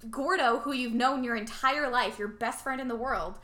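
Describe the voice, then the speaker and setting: A woman casually recapping a movie plot as a podcast co-host, animated and acting out the characters' lines. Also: fairly high pitch, moderate pace, few pauses. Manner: animated, acts out characters' lines, laughs often.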